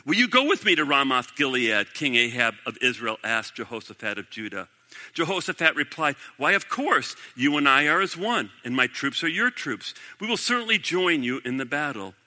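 A man's voice: medium pitch, sing-song, fairly quick, sharp tone, big-room sound. A man preaching a sermon, reading scripture aloud and breaking off to comment, rising to emphatic declarations. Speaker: pastor.

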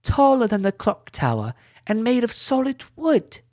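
A man's voice: sits high, moderate pace, dark tone, no echo, studio quality, pitched above the performer's own voice. A man voicing a small, eager little boy who speaks earnestly.

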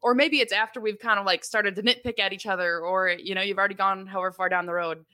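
A woman's voice: mid-range voice, fairly even intonation, fast, sharp tone. A young adult woman co-hosting a parenting podcast, explaining things in a chatty, casual way with frequent laughs and fillers. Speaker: podcast co-host.

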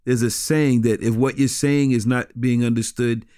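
Halting, laughing pastor man. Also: mid-range voice, steady tone, mellow, clear, resonant tone, dry recording, studio quality. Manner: halting, repeats words, laughs often. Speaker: pastor and guest. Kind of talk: casual conversational interview.

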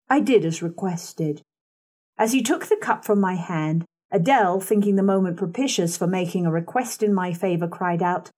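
A woman's voice: fairly low pitch, normal speed, dark tone. Woman reading classic fiction aloud. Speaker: audiobook narrator. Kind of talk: first-person literary narration.

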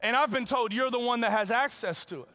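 A man's voice: very high voice, a little fast, bright, forceful tone, pitched above the performer's own voice. A man voicing a boastful, self-righteous rich young man who brags and pleads in a whiny way. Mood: pleading. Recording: long reverb in a large hall.

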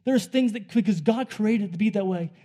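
A man delivers a sermon in an easy, conversational manner, as if talking to friends. His voice sits slightly high, with a warm, mellow tone and a husky, breathy edge. He drops to near-hushed passages and then rises to loud, excited ones. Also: brisk. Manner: conversational, animated storytelling that swings from hushed to loud. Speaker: preacher. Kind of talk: sermon with storytelling.

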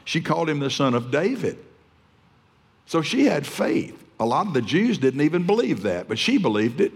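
A man's voice: fairly high pitch, very animated, normal speed, breathy edge. A man preaching a fervent, emphatic sermon, often restarting his phrases. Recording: long hall reverb.

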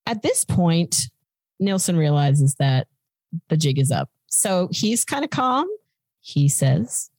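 A woman's voice: sits low, very animated, slow, a little mellow, dry recording. A woman hosting a podcast, casually telling a true-crime story in a chatty, blunt way. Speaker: podcast host.

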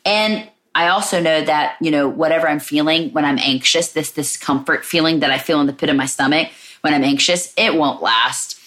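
A woman's voice: sits low, normal speed, fairly bright tone. A woman hosting her own podcast, talking alone in a candid, searching way and often saying "like" and "you know". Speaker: podcast host. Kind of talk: reflective solo podcast talk.

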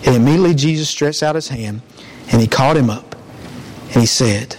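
A man's voice: a little high, animated, brisk, a little hiss or hum. A man preaching a sermon in a church, in an earnest, conversational way with frequent restarts.

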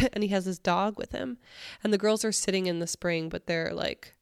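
Smooth and fairly bright, a woman's medium-pitched voice moves at a moderate pace as she co-hosts a podcast. In casual chat she recounts a creepy story with loose wording full of "likes" and "I don't knows," captured in clean studio sound with no room noise.

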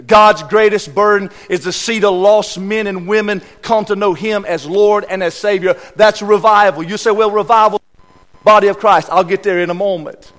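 Male guest preacher, high voice, emphatic church sermon, loud bursts and quiet asides. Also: steady tone, moderate pace, hardly any pauses. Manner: emphatic, repeats key words, swings between loud and hushed. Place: church sanctuary.

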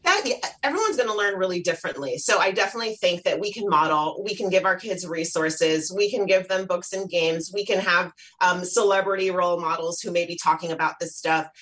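A woman's voice: fairly low pitch, a little fast, few pauses, rough recording. A mother interviewed as an expert on children's self-esteem, talking casually and acting out little scenes with her kids. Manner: lively, warm, plugs her online academy, acts out quotes.

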